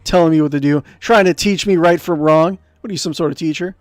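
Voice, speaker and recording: A man voicing an indignant male gnome mage adventurer, loud, huffy and theatrical. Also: on the high side, fast, no room sound, studio quality, natural voice.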